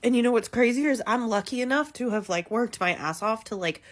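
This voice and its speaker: A woman's voice: on the high side, a little fast. A woman in her thirties, a working mother, ranting tearfully to the camera, exasperated and swearing, her voice climbing when she gets worked up. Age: 30s. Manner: exasperated, swearing, rising to near shouts. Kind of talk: emotional rant to camera.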